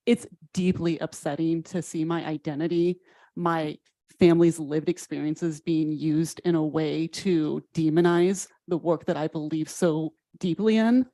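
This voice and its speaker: A woman teacher speaks at a school board meeting, earnest and firm, pressing each point in a measured way. Her voice sits low and sounds mellow. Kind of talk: public comment at a board meeting.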